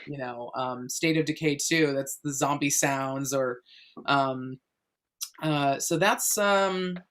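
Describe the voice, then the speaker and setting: An American woman with a very deep, steady voice speaks slowly as a guest voice actor in an interview. She answers questions in a chatty, explanatory way, full of fillers and restarts.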